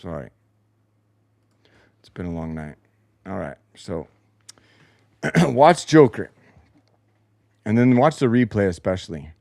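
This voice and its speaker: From his home basement, a man hosts a post-game show, breaking down replays with frustrated, sarcastic commentary and a lot of swearing. His low voice is creaky and a little mellow, with big pitch swings; he talks slowly and pauses often. No echo.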